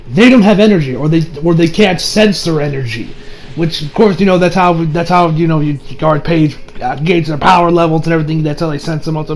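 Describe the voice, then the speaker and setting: A man's voice: a little high, darkish tone, a little hiss or hum, rough recording. A young man giving a casual, rambling anime episode review, with profanity and many restarts.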